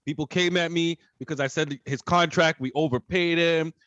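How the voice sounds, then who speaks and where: A man from Canada co-hosting a podcast, rambling along with lots of fillers. He sounds animated and sure of his takes. The recording is dry and a little dull, like a cheap mic. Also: a little high, moderate pace, dry recording. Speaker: podcast co-host. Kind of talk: casual chat.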